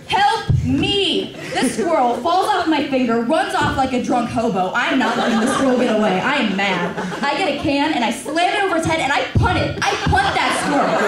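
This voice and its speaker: A woman's voice: high voice, very noisy. A teenage girl doing stand-up comedy for a class, telling stories with lots of acted-out quotes. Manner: animated storytelling with acted-out quotes. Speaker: student comic. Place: school drama class room. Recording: echoey room, far from the mic, audience laughter.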